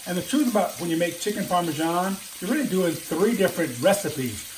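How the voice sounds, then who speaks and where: Older man, cooking show host, enthusiastic and chatty, slightly high voice, home kitchen, sizzling frying noise behind. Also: animated, brisk, poor audio. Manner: chatty and enthusiastic, talks straight to viewers. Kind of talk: casual cooking demonstration. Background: sizzling pan and kitchen sounds.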